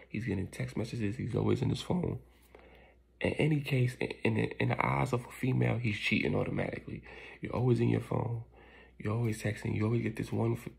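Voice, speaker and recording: Gravelly, raspy man telling a crude story. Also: on the low side. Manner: crude, animated storytelling with lots of asides. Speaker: channel host. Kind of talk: casual storytime narration.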